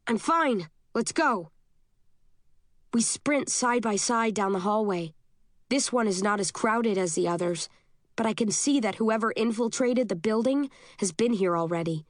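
Steady woman reading a first-person novel. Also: mid-range voice, no echo, studio quality. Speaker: audiobook narrator.

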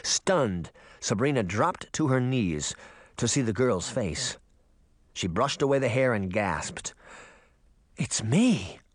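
A man narrating an audiobook with expressive, dramatic storytelling. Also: medium pitch, takes it slowly, dry recording. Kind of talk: audiobook reading.

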